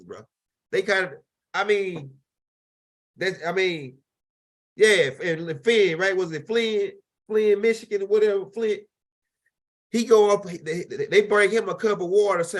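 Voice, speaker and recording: Animated rambling man with a raised voice. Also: high-pitched, moderate pace. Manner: rambling and animated, with many restarts. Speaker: host. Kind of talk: casual commentary over video clips.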